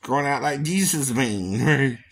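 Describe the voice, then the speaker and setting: A man's voice: mid-range voice, expressive, husky. A man chatting casually about doing impressions. He laughs often and ends his lines with "right?". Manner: breaks into quick impressions and silly voices. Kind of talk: casual chat.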